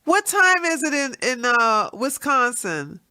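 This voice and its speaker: A woman with a congested, allergy-stuffed nose talks to her stream audience in a loose, wandering way. Her voice is bright and pushed forward, and she breaks into easy laughter as she goes. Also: high-pitched, big pitch swings, takes it slowly, clear, resonant tone. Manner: rambling, chatty, laughs often. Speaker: livestream host. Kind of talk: casual livestream chat.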